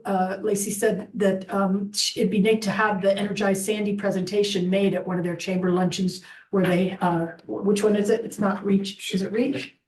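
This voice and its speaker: A woman's voice: mid-range voice, darkish tone. A woman on a city council giving her report at a meeting, chatty and rambling, with many fillers. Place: council chamber. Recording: roomy chamber, distant mic.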